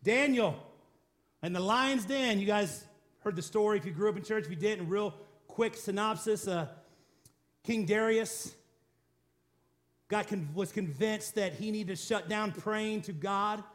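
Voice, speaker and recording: A man with a high, bright-pitched voice preaches emphatically. He stacks up repeated declarations and rhetorical questions and calls on his listeners to answer back. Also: unhurried, pauses often. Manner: calls for congregation response. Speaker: pastor. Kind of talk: sermon.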